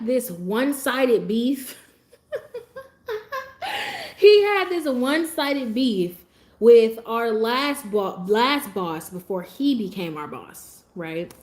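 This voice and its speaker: A woman livestreamer telling stories in a sassy, animated way and laughing often as she talks. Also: mid-range voice. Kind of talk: casual livestream storytelling.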